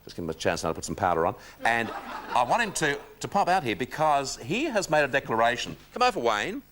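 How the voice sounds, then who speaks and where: A man's voice: mid-range voice, very animated, quick pace. An Australian man hosting a live TV talk show, rambling and joking with the studio audience, often laughing. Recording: 1980s TV broadcast, loud audience noise.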